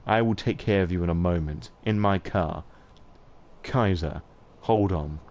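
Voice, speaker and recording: A man's voice: low voice, unhurried, darkish tone. A man voicing a stern, menacing male sheriff in a video game read-through, speaking in a cold, threatening way.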